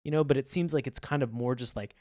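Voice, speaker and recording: Man, podcast co-host, mid pitch, rambling, animated, dry mic. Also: fast, no room sound. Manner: rambling, animated, laughs often. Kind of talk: casual chat.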